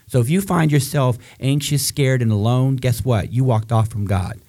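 A man preaching a sermon with fervent rhetorical questions, his voice rising high to drive points home. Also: normal speed, warm tone.

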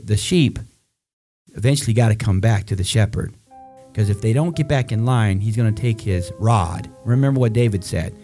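A man preaching a sermon with fervent rhetorical questions, his voice rising high to drive points home. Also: dark tone.

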